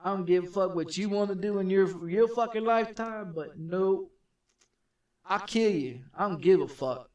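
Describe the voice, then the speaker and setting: A man streaming from his home gaming setup, telling a story in a rambling, profane, repetitive way that turns loud and heated. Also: sits high, moderate pace, dull audio. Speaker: game streamer. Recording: echoey room, distant from the mic.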